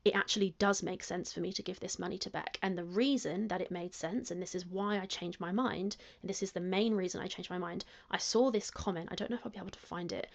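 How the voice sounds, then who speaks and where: A woman's voice: fairly low pitch, fairly even intonation, fast, gravelly, hardly any pauses. A woman explaining and justifying her decisions to camera, repeating herself as she goes. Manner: self-justifying, repetitive. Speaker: youtuber being reacted to.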